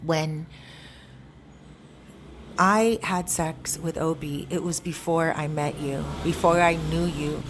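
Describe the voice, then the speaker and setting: A woman's voice: low voice, steady tone, slow pace, pauses often, background noise. A woman quoting a young male security guard who pleads earnestly, in her own storytelling voice. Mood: pleading. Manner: quoted in the narrator's own voice.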